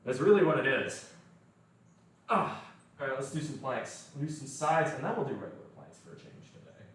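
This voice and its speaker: A man's voice: mid-range voice, lively intonation, moderate pace, recorded from a distance. An American man hosting a casual fitness livestream, talking bluntly and swearing freely. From United States. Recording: echoey room, voice from off the mic.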